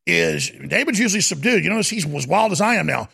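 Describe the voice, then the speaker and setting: A man hosting a talk radio show, ranting fiercely and stammering as he swings from shouting to low muttering. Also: sing-song, quick pace, vocal fry, hardly any pauses, husky. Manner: fiery, stammering restarts.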